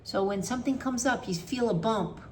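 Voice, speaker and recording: A woman's voice: a little high, normal speed, a little hiss or hum. A woman talking casually to camera as a wellness coach, emphatic and repetitive, acting out her own anxious thoughts.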